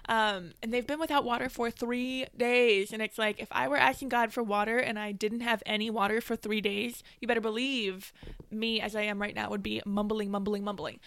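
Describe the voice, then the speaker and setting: A young woman co-hosts a casual faith chat, animated and quick to laugh. Her voice sits a little high and sounds bright and forceful. The sound is dry and close. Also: no echo. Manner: animated, laughs often, retells with mimicking voices. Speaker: podcast co-host.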